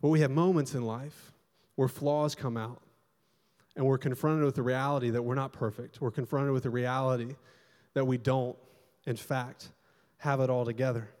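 A young adult man preaching a sermon as pastor, telling stories animatedly and swinging between loud bursts and hushed, quiet stretches. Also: mid-range voice, steady tone, moderate pace. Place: church hall. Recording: long hall reverb.

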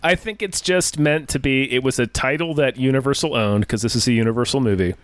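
A man co-hosting a casual movie-review chat, measured, often restarting his words. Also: medium pitch, no room sound. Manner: measured, with repeated starts. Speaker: podcast co-host.

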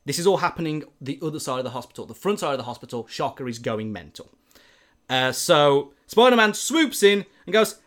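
An animated man telling a long story in a relaxed, casual way. His voice sits a little high for a man, and he fills gaps with loose filler words. He swings between loud and quiet as the story builds. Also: brisk.

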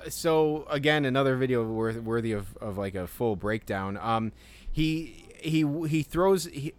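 A man co-hosting a casual podcast, rambling in halting bursts, swearing freely and laughing often. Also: mid-range voice, animated, clean tone. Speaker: podcast co-host. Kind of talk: casual chat.

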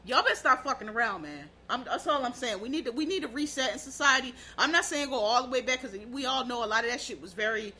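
High, bright-voiced blunt woman ranting. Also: expressive, fast, few pauses, slight background noise. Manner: blunt, profane, emphatic. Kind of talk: casual ranting commentary.

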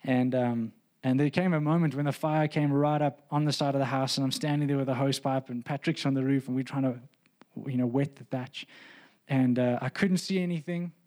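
A man's voice: medium pitch, fairly even intonation, brisk, a little mellow. A man, a pastor, telling a personal story in a sermon, earnest and building to emphatic preaching.

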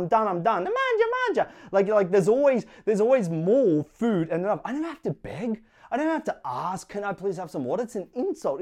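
A man's voice: sits high, a little mellow. A young adult man preaching a sermon in an earnest, conversational way, with playful asides.

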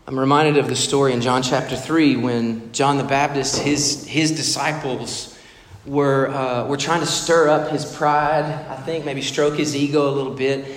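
A man preaching a sermon, expressive and emphatic, now and then acting out the voices in the stories he tells. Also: mid-range voice, a little slow. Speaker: pastor. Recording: echoey hall reverb.

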